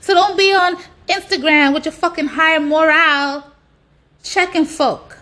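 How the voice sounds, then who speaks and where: High-pitched woman ranting hard, cussing a lot, saying stuff twice to drive it home. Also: measured pace, bright, forceful tone. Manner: blunt, heavy profanity, emphatic repetition. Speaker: social media commentator. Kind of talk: ranting monologue.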